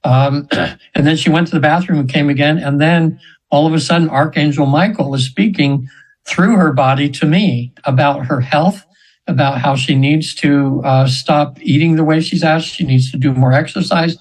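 Older guy in his 70s, kinda husky, a bit high voice, rambles through his story. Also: normal speed, rough recording. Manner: rambling, chatty, laughs as he tells it; puts on high voices for the people he quotes. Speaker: hypnosis practitioner guest. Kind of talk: storytelling in an interview.

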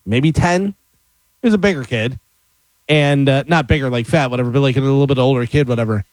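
A man's voice: mid-range voice, a little fast, dry recording. A middle-aged man telling stories in a casual chat with friends, acting out other people's voices as he goes. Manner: animated storyteller who acts out other people's voices.

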